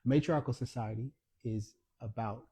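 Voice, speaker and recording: Man, author, mellow tone, slightly husky, animated storytelling, book event talk. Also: mid-range voice, normal speed. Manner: animated storyteller acting out quoted dialogue. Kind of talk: storytelling conversation.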